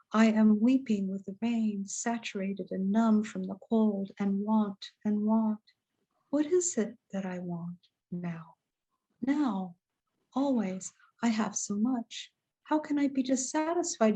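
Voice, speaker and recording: A woman reciting her own spoken word poetry in a slow, meditative, hushed manner. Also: medium pitch. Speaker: poet.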